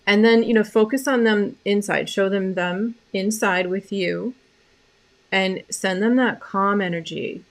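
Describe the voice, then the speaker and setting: A woman hosting a live stream about animal communication, talking casually and softly, rambling with many fillers and restarts. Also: medium pitch, steady tone, a little slow.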